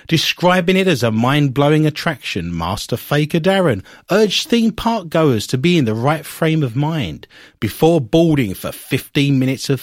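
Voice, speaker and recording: A man's voice: medium pitch, no echo, studio quality. A man from Britain co-hosting a casual chat, reading news aloud and cutting in with sarcastic, mocking asides. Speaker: podcast co-host.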